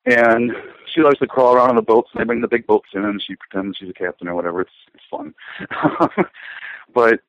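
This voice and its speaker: A man's voice: mid-range voice, expressive, a little fast, no echo. Middle-aged guy rambling in a chat, lots of ums, dry dull lo-fi sound. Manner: rambling, hesitant with many fillers and restarts. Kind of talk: casual conversation.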